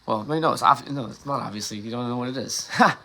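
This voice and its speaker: A man talks alone on a late-night livestream, wandering from thought to thought, cutting himself off and swearing as he goes. His voice sits at an average pitch with a bright, ringing tone. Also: rapid-fire. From Ohio. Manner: rambling, self-interrupting, profane and laughing. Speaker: livestream host.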